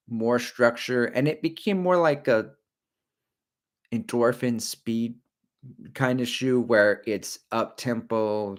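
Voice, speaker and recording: A middle-aged man hosting a casual running livestream, rambling and jokey as he talks to his viewers. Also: mid-range voice. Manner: slips briefly into silly character voices. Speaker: running channel host.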